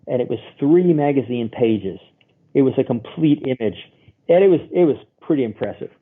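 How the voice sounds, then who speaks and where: Over a thin, phone-like remote line, a man with a husky, mid-range voice explains things as a guest therapist. His explaining is expressive and animated, full of little stories in which he acts out the voices of the people he quotes.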